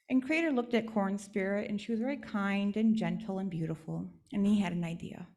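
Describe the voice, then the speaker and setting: Woman storyteller at a church service, instructive, mid-pitched voice. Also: fairly quick, creaky, hardly any pauses, darkish tone. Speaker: guest speaker and storyteller.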